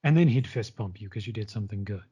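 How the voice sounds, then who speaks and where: Recounting his retail job, a man tells a personal story casually, being frank and blunt and swearing freely. His voice is on the low side, mellow and husky, animated and fast, over a dull lo-fi recording.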